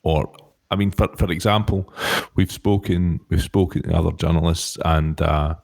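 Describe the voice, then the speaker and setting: A man interviewing a guest, asking questions in a halting way and restarting his phrases often. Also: low voice, flat delivery, gravelly, darkish tone, no room sound. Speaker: podcast interviewer.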